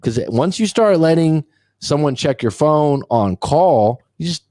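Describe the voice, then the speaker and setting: Casual, animated man coaching. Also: a little high, unhurried, no room sound, studio quality. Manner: animated storyteller who acts out quotes, swears casually. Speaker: relationship coach and show host. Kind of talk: casual podcast chat.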